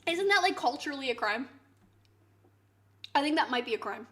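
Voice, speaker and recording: Woman streamer, high voice, casual stream chat, animated with loud mock outrage. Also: normal speed, long pauses. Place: home kitchen.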